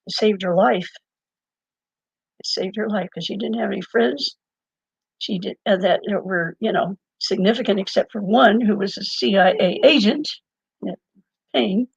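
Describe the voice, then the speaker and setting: A woman's voice: medium pitch, normal speed, vocal fry, husky, dry recording. An older woman telling a story as an interview guest, rambling and digressive, often breaking into laughter. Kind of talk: conversational storytelling. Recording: dull lo-fi dry sound.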